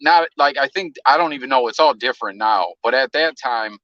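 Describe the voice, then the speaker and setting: Casual male streamer, slangy and profane, bright edge, dry lo-fi sound. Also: medium pitch, fairly quick, dry recording. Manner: loose, profane storytelling with slang. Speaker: live-stream host. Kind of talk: casual live-stream chat.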